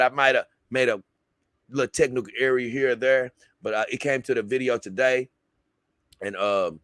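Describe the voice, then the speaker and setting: A man's voice: mid-range voice, fairly bright tone, dry recording, studio quality. A man hosting a livestream and signing off in a loose, rambling way, calling viewers "man" and "baby.". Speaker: livestream host. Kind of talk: casual livestream sign-off.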